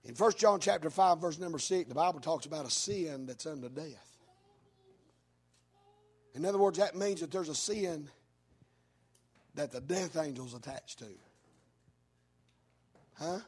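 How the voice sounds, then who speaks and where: A man preaching a fiery sermon in church, telling a story with a preaching cadence that rises into shouts. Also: a little high, slightly rough. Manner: preaching cadence, rising into shouts, drawn-out words.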